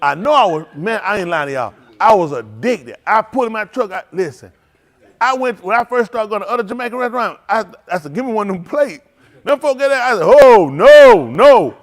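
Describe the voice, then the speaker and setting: A man, a pastor telling food stories to his livestream with laughter and excitement. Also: high-pitched, a little fast. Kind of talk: casual livestream storytelling.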